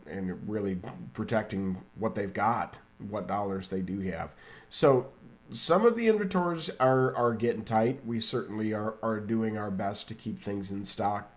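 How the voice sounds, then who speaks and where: A man from a precious metals dealer giving a plain-spoken update on stock levels. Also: lowish voice. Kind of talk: business update in interview.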